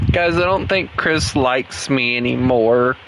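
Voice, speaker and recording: A man's voice: a little high, noisy background. A young man casually chatting while streaming a game with viewers, joking and mocking himself, often breaking into laughs.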